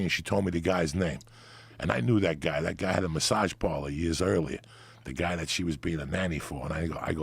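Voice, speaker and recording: A man's voice: sits low, fairly quick, creaky, breathy edge, no room sound. A middle-aged man, telling a crude story in casual talk and laughing through it. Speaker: comedian guest.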